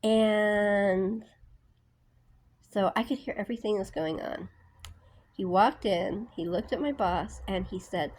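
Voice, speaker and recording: Woman, casual vlog storyteller, unhurried and rambling, full of fillers. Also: medium pitch, a little mellow, a little hiss or hum. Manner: rambling, many fillers and restarts. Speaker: book vlogger.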